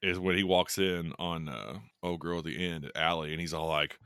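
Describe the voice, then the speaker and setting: A man's voice: low-pitched, steady tone, normal speed, fairly bright tone, clean tone, no echo, studio quality. A man co-hosting a podcast, chatting casually in a laid-back, slangy way. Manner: laid-back, slangy, says "dude" and "like" a lot. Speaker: podcast co-host. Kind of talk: casual chat.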